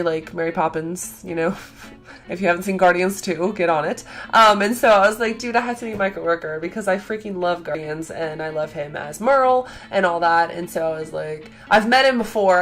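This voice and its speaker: A young woman vlogger with a lowish voice tells a convention story in a casual vlog. She's chatty and excitable, full of fillers and acted-out quotes.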